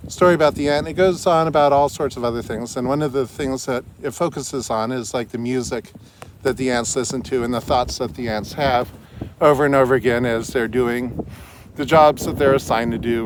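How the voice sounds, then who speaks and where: A man's voice: medium pitch, background noise. A man talking through a book summary in a loose, conversational way, with frequent fillers and restarts. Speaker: book reviewer. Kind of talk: casual spoken book summary.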